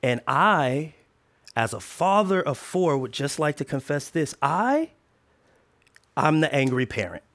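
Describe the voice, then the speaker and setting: High-voiced, animated male preacher. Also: unhurried. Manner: animated, playful, swings from quiet to shouting. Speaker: pastor. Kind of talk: sermon.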